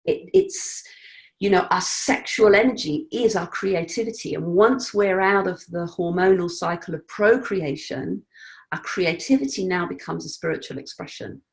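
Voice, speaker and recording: A woman speaking as an interview guest, earnest and reflective, at times animated and laughing. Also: lowish voice, moderate pace, creaky. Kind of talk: conversational interview.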